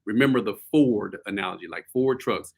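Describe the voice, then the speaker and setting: A man hosting a show, telling a story casually to his viewers, animated and laughing often. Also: on the low side, a little fast, creaky, slightly rough. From US South. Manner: animated, laughing often, addresses audience as y'all. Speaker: host.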